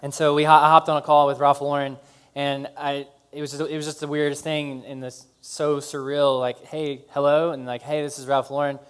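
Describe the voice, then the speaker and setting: Smooth-voiced man telling his story. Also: fairly high pitch. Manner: casual, halting with fillers and restarts, animated when excited. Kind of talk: live talk to an audience.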